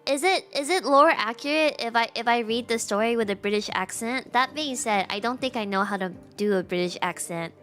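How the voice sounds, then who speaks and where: High-voiced young woman streaming a game, chatty and giggly, reads the story out loud. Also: brisk, few pauses, faint music behind. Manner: chatty, self-mocking, giggly asides. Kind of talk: casual livestream chat and reading game story aloud.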